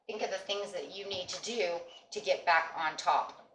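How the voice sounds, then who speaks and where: A woman with a lowish voice reads tarot for her viewers in a casual, reassuring way, checking in with "okay?" again and again. She sounds like she is in an echoey room with a faint hiss behind her. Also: normal speed. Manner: reassuring, repetitive with frequent "okay?" and "you know". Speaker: tarot reader.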